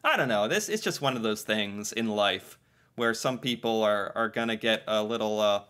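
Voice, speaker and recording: A man's voice: lowish voice, moderate pace, a bit bright. A man chatting casually about slang, laughing often and thinking aloud as he goes. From United States. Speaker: co-host.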